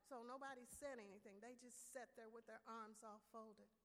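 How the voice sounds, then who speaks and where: A woman's voice: a little high, fairly even intonation, normal speed. A woman preacher telling a story expressively and emphatically in a children's sermon. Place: large hall with audience. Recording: echoey hall.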